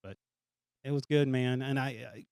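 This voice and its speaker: A man's voice: medium pitch, steady tone, brisk, a little mellow, clean tone, no room sound. A man co-hosting a podcast, easygoing and enthusiastic in casual chat. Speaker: podcast co-host.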